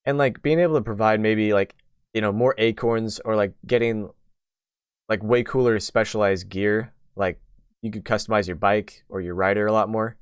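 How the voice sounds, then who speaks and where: A man's voice: lowish voice, fairly even intonation, normal speed, clean tone, no echo. A young man hosting a casual gaming podcast, talking in a rambling way full of "like" and restarts. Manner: rambling, many fillers and restarts. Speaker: podcast host.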